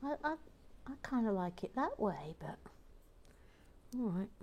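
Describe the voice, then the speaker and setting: A woman's voice: medium pitch, very animated, a little slow, a little mellow, slight background noise. A woman hosting a stream, reading chat comments in a playful manner and often dropping into a whisper. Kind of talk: casual chat.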